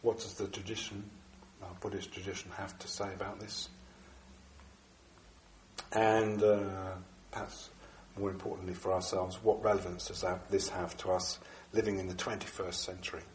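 A man with a congested, bunged-up voice from a cold, giving a Buddhist dharma talk to a group in a halting way with many fillers and restarts. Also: low-pitched, little pitch movement, a little hiss or hum. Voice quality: bunged up, nasal. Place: echoey room with a small audience. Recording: echoey room recording.

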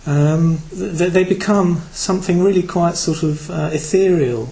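A man's voice: fairly high pitch, a little slow, creaky, warm tone, a little hiss or hum, low-quality recording. A man from Britain giving a Buddhist talk to a group, reflective and hesitant, with many fillers. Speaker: Buddhist teacher.

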